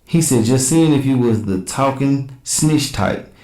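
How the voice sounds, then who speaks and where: A man's voice: medium pitch, unhurried, dark tone, reverberant. A man hosting a reaction channel, reading text messages aloud in a blunt, slangy, casual commentary. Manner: blunt, slangy, reads quoted messages in a plain back-and-forth.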